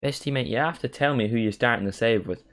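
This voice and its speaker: This young man hosts a live match watchalong, talking casually into a desk microphone at a fast clip in a medium-pitched voice. He's laid-back and chatty but perks up with excitement when chances come, and there's a little hiss or hum on the audio.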